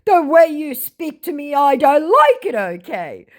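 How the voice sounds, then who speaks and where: A woman's voice: sits high, very animated, measured pace, pitched above the performer's own voice. A woman voicing a pushy male online scammer who speaks blunt, broken English.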